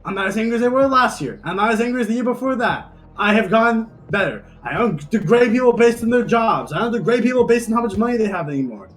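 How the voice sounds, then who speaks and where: A man's voice: high-pitched, lively intonation, quick pace, few pauses. A man streaming a game, arguing heatedly and defensively in voice chat, swearing often.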